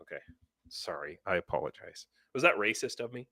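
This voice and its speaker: Rambling bright-voiced male stream host. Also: low voice, lively intonation, fairly quick, vocal fry, no echo. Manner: rambling, self-interrupting, reads chat comments aloud. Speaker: livestream host. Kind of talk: casual live-stream chat. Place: home in Ukraine.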